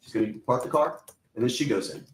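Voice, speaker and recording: Man, prosecutor, courtroom opening statement, speaks straight to the jury, methodical, middle pitch. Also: fast talker. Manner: addresses the jury directly, repeating "you're gonna".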